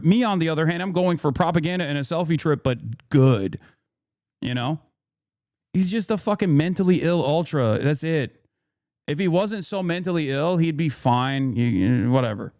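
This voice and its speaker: A man's voice: on the high side, lively intonation, unhurried, a little mellow, dry recording, studio quality. Profane, indignant male streamer. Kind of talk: casual commentary.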